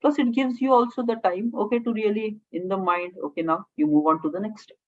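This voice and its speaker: A woman's voice: mid-range voice, brisk, narrow, tinny audio. A woman with an Indian English accent teaching communication skills. She speaks in short phrases, often checks in with "okay?", and slips Hindi words into her English. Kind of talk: classroom lecture.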